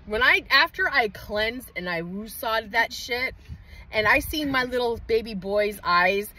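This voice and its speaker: High bright-voiced woman ranting profanely. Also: lively intonation, a little hiss or hum, poor audio. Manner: heated, profane, rapid outbursts. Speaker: mother livestreaming an update. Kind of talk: emotional livestream rant. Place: inside her parked truck in a parking lot. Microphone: phone livestream.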